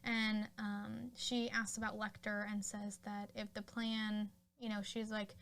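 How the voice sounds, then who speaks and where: A woman's voice: mid-range voice, level tone, a little slow, creaky, hardly any pauses, fairly bright tone. Chatty woman recapping a film. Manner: chatty, full of fillers like "like" and "you know". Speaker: podcast host.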